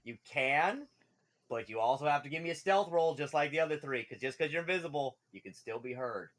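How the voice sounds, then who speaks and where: A man's voice: on the high side, expressive, brisk, a bit bright. Jokey man running a tabletop game. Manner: jokey, laughs a lot. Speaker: game master.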